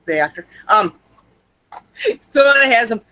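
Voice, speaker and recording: A woman's voice: medium pitch, expressive, a little slow, pushed and bright, no room sound, rough recording. A young adult woman co-hosting a podcast, chatting casually in a rambling, wry, self-mocking way. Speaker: podcast co-host. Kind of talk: casual chat.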